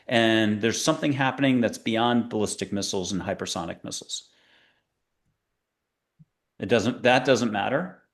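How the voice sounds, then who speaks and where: A man hosting a spiritual talk show, chatting in a rambling, animated way that jumps between ideas. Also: lowish voice, moderate pace, pauses often. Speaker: podcast host.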